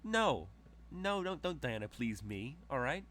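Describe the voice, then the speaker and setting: A man voicing a scornful, rich divorced woman who speaks in a shrill, snippy, mocking way. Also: sing-song, moderate pace, fairly bright tone, a little hiss or hum.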